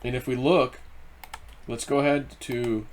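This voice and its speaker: Excitable rambling man hosting a crypto channel. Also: medium pitch, measured pace, slight background noise. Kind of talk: casual rambling commentary.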